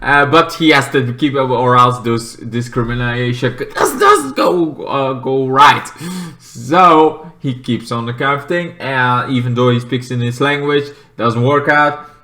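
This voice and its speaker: In an unhurried way, a man reviews TV episodes on his own, rambling with lots of fillers. Now and then he lets loose shrill, shouted character impressions.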